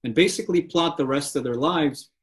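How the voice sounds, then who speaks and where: A man's voice: a little high, a little fast. A man hosting a podcast interview, an affirming and thoughtful listener who reflects back on his guest's story. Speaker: podcast host. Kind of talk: interview conversation.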